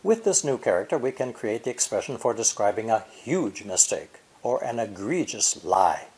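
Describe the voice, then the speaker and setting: A man narrating a scripted language lesson in a measured way, modeling each sound as he explains it. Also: on the low side, very animated, a little mellow. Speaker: language teacher.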